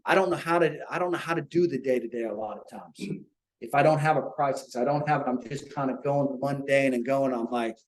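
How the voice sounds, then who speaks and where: A man's voice: medium pitch, fairly quick, poor audio. A man leading an informal Bible study for a small group, talking earnestly and checking in with rhetorical questions.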